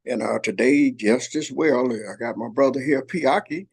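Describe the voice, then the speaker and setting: An older man speaks in a gravelly, slightly breathy voice, sharing warm family memories in an earnest, folksy manner. He repeats phrases for emphasis as he tells his story. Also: mid-range voice, normal speed. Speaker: host. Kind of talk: heartfelt storytelling chat. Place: workplace shop.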